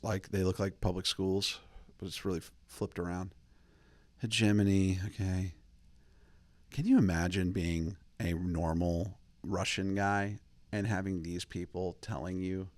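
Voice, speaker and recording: A man hosting a podcast, talking in a rambling, joking way with quick asides and restarts. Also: low-pitched, dry recording. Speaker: podcast host. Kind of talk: casual podcast chat.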